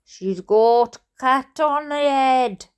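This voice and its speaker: A man's voice: very high-pitched, smooth, pitched above the performer's own voice. Woman doing a dazed, shaken man. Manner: dazed, halting. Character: dazed shaken man after a car crash.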